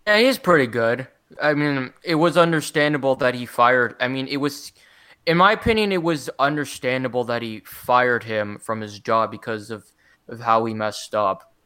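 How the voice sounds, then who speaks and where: A man talks through a podcast review in casual chat, stumbling and restarting his sentences. His voice is bright and crisp. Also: mid-range voice, moderate pace. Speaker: podcast co-host reviewing cartoon episodes.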